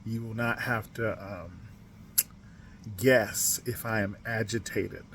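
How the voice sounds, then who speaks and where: A man from the United States hosting a podcast, talking on his own in a casual monologue, emphatic, spelling words out and swinging from quiet to loud. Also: lowish voice, steady tone, slow pace, a little hiss or hum. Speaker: podcast host.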